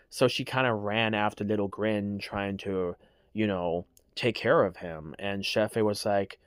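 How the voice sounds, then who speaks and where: A man's voice: lowish voice, takes it slowly, clean tone, no room sound, clean studio sound. A man casually explaining his characters' story, hesitant and full of restarts. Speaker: creator telling his character lore.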